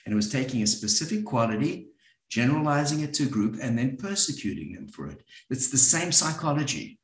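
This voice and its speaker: A middle-aged man facilitating a group, telling a personal story in a reflective, halting way with many filler words. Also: medium pitch, sing-song. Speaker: workshop facilitator. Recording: roomy echo.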